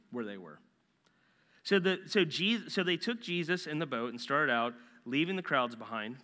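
A man preaching a sermon as a pastor in a casual, animated way, full of slangy asides. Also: on the high side. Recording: long reverb in a large hall.

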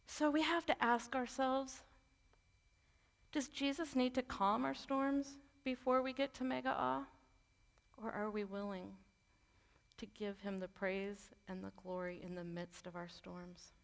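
In a sermon, a woman speaks with earnest, conversational warmth and drops candid personal asides between her points. Her slightly high, gravelly voice holds a steady tone at a somewhat slow pace, while a long reverb trails each phrase as though she were in a large church hall.

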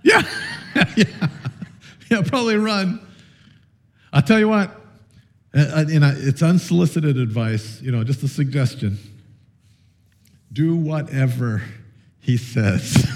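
Animated man preaching a casual sermon. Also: on the high side, takes it slowly, long pauses. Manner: animated, storytelling with audience participation; conversational with frequent fillers and restarts. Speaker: pastor.

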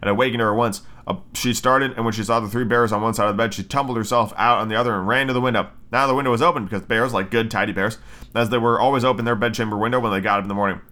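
Podcast host, male, bright tone, casual reader, swears freely. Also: mid-range voice, fairly even intonation, rapid-fire. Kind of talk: casual storybook reading with profane commentary.

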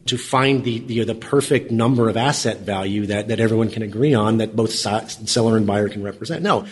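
Halting man with constant fillers. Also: on the low side, a little hiss or hum. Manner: halting, full of "you know" fillers and restarts. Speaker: podcast guest, energy company co-founder. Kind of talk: casual interview talk.

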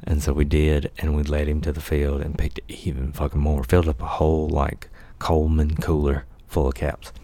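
A man's voice: rumbling low, completely flat delivery, normal speed, hardly any pauses, warm tone. A middle-aged man telling a long story in a casual, profane, laid-back way, laughing often and acting out the quotes. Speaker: podcast host telling life stories.

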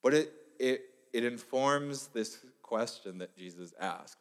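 A man's voice: mid-range voice, expressive, measured pace. A man preaching a sermon in a church hall, telling stories with animation and acting out the people he quotes. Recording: long hall reverb.

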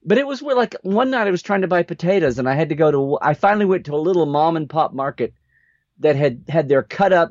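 A podcast co-host with a voice on the high side tells a story in casual conversation, animatedly acting out the people in it. The recording is dry, dull and lo-fi.

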